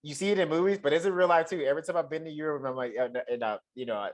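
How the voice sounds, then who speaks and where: A man with a Southern Texas accent, co-hosting a casual podcast, animated and laughing, swearing freely. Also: fairly high pitch, very fast. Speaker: podcast co-host. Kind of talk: casual chat.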